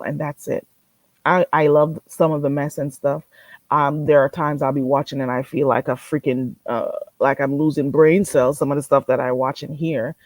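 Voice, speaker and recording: A woman's voice: deep voice, dry recording. A woman hosting a casual livestream, talking bluntly, swearing freely and answering her chat. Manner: reads chat aloud and answers it. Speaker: livestream host.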